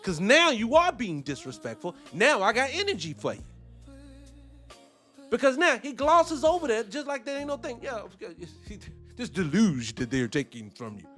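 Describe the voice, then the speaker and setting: A man's voice: very high voice, huge pitch swings, normal speed, a bit bright, soft background music. A man giving heated, profane reaction commentary, firing off rhetorical questions.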